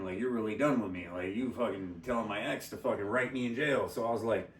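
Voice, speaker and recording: A man telling a crude story in casual talk, swearing a lot, laughing and shouting out the lines he quotes. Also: fairly low pitch, fast talker. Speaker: podcast guest telling a story. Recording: echoey room from far off the mic.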